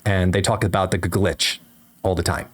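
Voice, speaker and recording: A man co-hosting a podcast in casual chat, earnest and halting with frequent restarts. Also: low voice, fairly even intonation. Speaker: podcast co-host.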